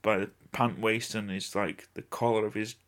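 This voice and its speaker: A man's voice: on the low side, fairly even intonation, moderate pace. A man co-hosting a casual podcast, laid back and egging the story on with crude questions. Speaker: podcast co-host.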